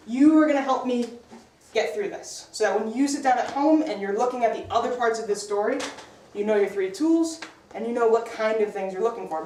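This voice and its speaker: Woman english teacher quizzing her class, brisk and upbeat, bit high voice, picked up from across an echoey room. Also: a little mellow, recorded from a distance, a little hiss or hum.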